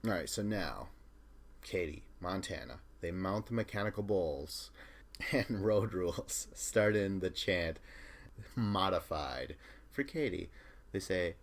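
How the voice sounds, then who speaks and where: Low-voiced man recapping casually. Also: expressive, slow. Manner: chatty, laughs often, retells scenes in quotes. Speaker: podcast host.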